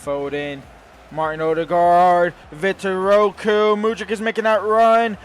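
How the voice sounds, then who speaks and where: A man hosting a gaming channel, giving casual commentary over his own gameplay, rambling and swinging between low muttering and loud outbursts. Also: steady tone, normal speed, smooth.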